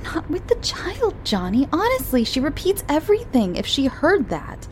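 A woman's voice: sits high, huge pitch swings, moderate pace, slight background noise, voice pushed up. A woman voicing a fussy, cross young mother with a prim, scolding manner.

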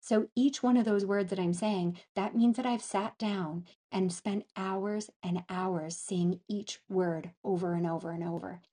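Halting woman searching for words. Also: mid-range voice, fairly even intonation, warm tone, husky. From northern Canada. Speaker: interview guest. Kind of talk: casual conversation.

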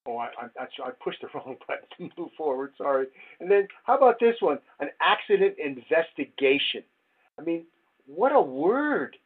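A man's voice: on the high side, big pitch swings, moderate pace, breathy edge. An older man, a safety researcher, giving a wry slide presentation full of rhetorical questions. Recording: tinny phone-like audio.

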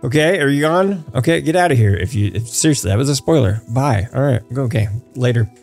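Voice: medium pitch, expressive, quick pace, vocal fry, darkish tone, faint music behind. A podcast host in casual chat, playful and full of fillers.

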